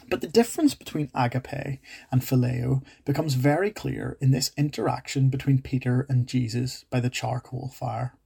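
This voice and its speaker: Gravelly, husky-voiced man preaching. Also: mid-range voice, a little mellow. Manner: earnest, acts out quoted dialogue with rising intensity. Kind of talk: sermon.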